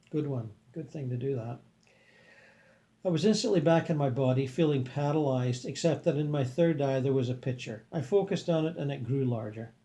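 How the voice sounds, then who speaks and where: A man reading a book aloud in a calm, earnest manner and adding his own comments. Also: medium pitch. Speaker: reader and commentator.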